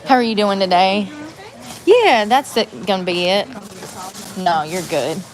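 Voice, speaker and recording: A woman's voice: mid-range voice, animated, unhurried, a little hiss or hum. Woman with a drawl, chatty and rambling on a phone livestream, faint ambience behind her. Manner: rambling, chatty, talks to viewers while out on errands. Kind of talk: casual live-stream chat.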